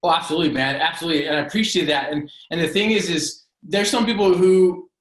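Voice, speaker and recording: A man's voice: on the high side, steady tone, fast talker. A man as a podcast guest, telling his own story in an earnest, emphatic, motivational way with punchy alliterative phrasing. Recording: roomy echo.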